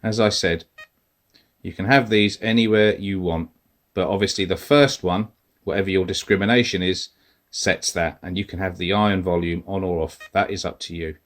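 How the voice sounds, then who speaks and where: A man's voice: sits low, moderate pace. A man casually walking through device settings step by step, talking as he presses buttons. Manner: relaxed, explains step by step while pressing buttons. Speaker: metal detecting tutorial host. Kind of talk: casual instructional walkthrough.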